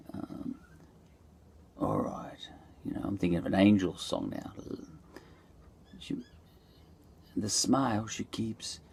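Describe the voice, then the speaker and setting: Gravelly Australian man musing aloud. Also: lowish voice, darkish tone. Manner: musing, loose and digressive, many fillers. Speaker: podcast host. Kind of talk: rambling reflective monologue.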